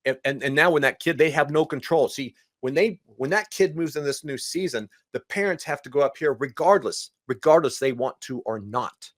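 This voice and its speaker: A lively man talks as a guest counselor, acting out the people he describes and firing off repeated words in quick bursts. His voice sits in a middle pitch and is recorded dry and close, with no room sound. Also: no echo. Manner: animated, acts out other people's voices. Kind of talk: casual conversation.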